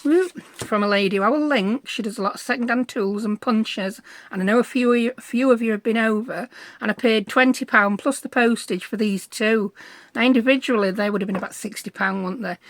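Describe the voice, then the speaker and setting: A woman's voice: on the high side, brisk, no echo. A middle-aged woman, chatting through a crafting tutorial in a bubbly, self-deprecating way. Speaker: craft vlogger.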